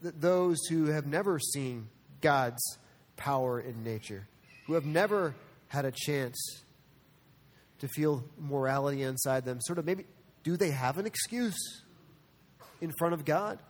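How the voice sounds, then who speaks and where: Pastor, male, high voice, earnest sermon delivery, long hall reverb. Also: unhurried, pauses often. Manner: earnest, shifts between soft and animated.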